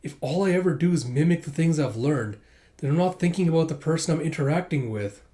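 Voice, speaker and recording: A man's voice: on the high side, lively intonation, brisk, warm tone, natural voice. A man voicing an earnest, eager young woman trainee, lightly and close to his own voice.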